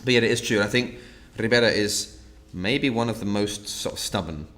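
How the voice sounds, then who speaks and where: A man's voice: fairly low pitch, normal speed, fairly bright tone. A man hosting an online wine tasting, chatting casually and laughing often at his own jokes.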